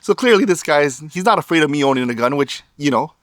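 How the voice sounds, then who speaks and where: A man's voice: a little high, animated, fast talker, a bit bright, dry recording, clean studio sound. Wry, laughing storyteller man. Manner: wry, sarcastic, laughs through his story. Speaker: vlogger. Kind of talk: casual storytelling to camera.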